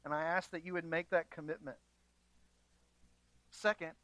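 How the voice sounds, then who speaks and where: A pastor preaching a sermon to his congregation, moving from quiet, measured passages to emphatic, raised appeals. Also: a little high, dry recording, rough recording. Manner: earnest preaching, swings between quiet and emphatic.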